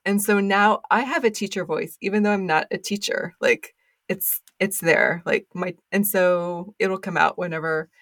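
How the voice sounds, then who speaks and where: A woman being interviewed as a podcast guest, chatting in a relaxed way with plenty of fillers. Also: medium pitch, moderate pace, dry recording, studio quality. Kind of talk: casual interview chat.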